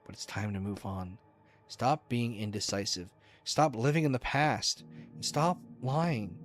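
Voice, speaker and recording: A man's voice: mid-range voice, measured pace, faint music behind, lightly acted. A man voicing a contemptuous, bratty young man in a narrative game, snapping out scornful lines.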